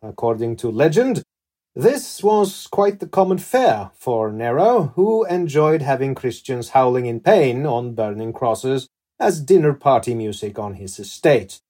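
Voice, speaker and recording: A man hosting a podcast, asking scripted interview questions in a slow, measured, deliberate way. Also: mid-range voice, big pitch swings, mellow, husky. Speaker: podcast host.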